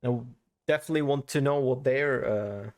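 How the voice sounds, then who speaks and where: A man's voice: medium pitch, normal speed. A man streaming a video game, chatting casually, swearing often and reading the game's text aloud. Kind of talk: casual live-stream commentary.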